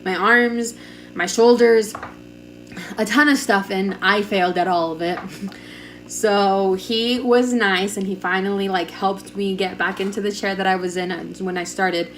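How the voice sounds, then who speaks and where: A woman's voice: mid-range voice, steady tone, unhurried, a little hiss or hum. A young woman telling a personal story in a chatty, casual way, full of "like" fillers, recorded on a camera mic at home. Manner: chatty, lots of "like", acts out quoted dialogue. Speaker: vlogger.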